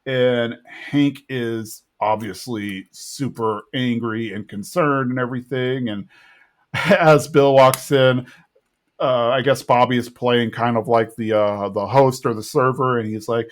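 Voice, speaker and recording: A man's voice: medium pitch, fairly even intonation, slow pace. A man co-hosting a podcast who casually recaps a cartoon episode, rambling with frequent restarts. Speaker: podcast co-host.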